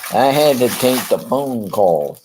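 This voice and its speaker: A man's voice: mid-range voice, noisy background. A man chatting casually on a live stream about his ventriloquist act, rambling and hesitant with many fillers and restarts, chuckling often between thoughts.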